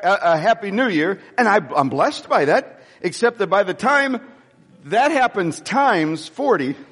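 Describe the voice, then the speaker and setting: High-voiced exuberant preacher man. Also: big-room sound. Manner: exuberant preaching, rising to shouts, joking asides. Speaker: pastor. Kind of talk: live church sermon. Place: church sanctuary before a congregation. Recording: music audible under voice.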